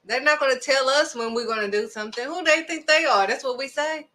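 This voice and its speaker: A woman delivers a casual devotional talk with a bright, forceful tone. She is emphatic and keeps pressing her point with rhetorical questions. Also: high voice, fairly quick. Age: adult, raising children. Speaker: host of a devotional video.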